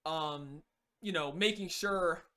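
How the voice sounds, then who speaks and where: This casual spoken lesson features a game coach explaining team play off the cuff. The voice is medium in pitch, slow, and sharp in tone, and he keeps restarting sentences and dropping "you know" into the gaps.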